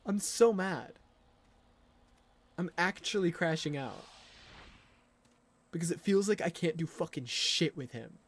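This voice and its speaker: A man's voice: fairly high pitch, animated, a little slow, long pauses. A young man streaming a video game live, ranting and swearing in frustration at his character. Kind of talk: live gameplay commentary.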